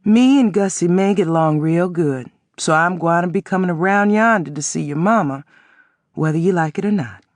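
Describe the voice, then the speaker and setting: A frail old man wheezes out his words in a low, weak voice, as a man reads him in an audiobook. He talks bluntly and plainly, in a folksy, drawn-out way. The sound is close and dry. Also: no echo, close to an everyday voice.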